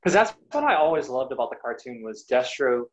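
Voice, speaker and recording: A man's voice: medium pitch, big pitch swings, brisk, muffled recording, a crowd in the background. A man co-hosting a podcast, rambling and restarting his thoughts in casual chat. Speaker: podcast co-host.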